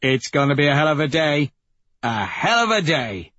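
A man's voice: fairly high pitch, a little slow, husky, no room sound, highs cut off, voice pushed up, heavily acted. A man doing a brash, cocky young rebel leader. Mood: gleeful. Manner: loud, excitable and cocky.

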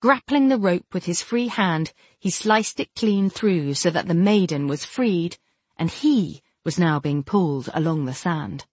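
Steady woman narrating a fantasy novel. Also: lowish voice, a little slow, slightly rough, no room sound. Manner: steady, even storytelling. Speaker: audiobook narrator.

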